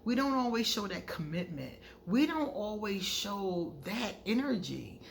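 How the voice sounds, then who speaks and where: A woman's voice: medium pitch, a little slow, vocal fry, a little hiss or hum. A woman tarot card reader talking to her viewers in a casual vlog monologue, frank and conversational, telling stories animatedly. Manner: animated storyteller who acts out quoted dialogue.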